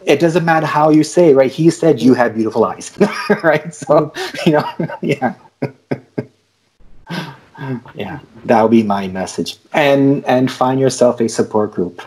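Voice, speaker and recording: A man's voice: medium pitch, a little slow, long pauses, darkish tone, slightly rough, low-quality recording. A man who stutters, speaking as a guest in a casual video-call interview and laughing often. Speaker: guest cartoonist and podcaster.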